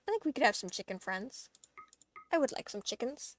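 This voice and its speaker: A woman with a fairly high, very animated voice talks briskly while streaming a game. Giggly and chatty, she carries on casual livestream banter with her viewers and with herself during play.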